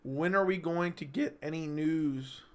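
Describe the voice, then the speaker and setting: A man's voice: on the high side, a little slow, clean tone. A young man hosting a live-stream chat, rambling and joking as he reads viewer comments aloud.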